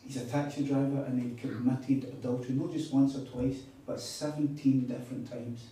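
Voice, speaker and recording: A man's voice: medium pitch, fairly even intonation, normal speed, mellow, slight background noise. A man preaching a sermon, telling stories with emphatic repeats. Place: hall at a retreat. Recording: echoey hall, mic far off.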